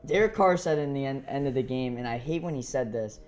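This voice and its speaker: A man's voice: mid-range voice, brisk, a loud crowd. A man co-hosting a podcast, chatting casually about football as a fan, joking and cursing freely. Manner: profane, joking fan banter. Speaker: podcast co-host. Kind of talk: casual sports chat. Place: studio.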